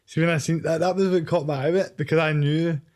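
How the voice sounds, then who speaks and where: A man's voice: on the high side, fairly even intonation, fast talker, darkish tone. A man hosting a podcast, telling a story in easygoing casual chat. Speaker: podcast host.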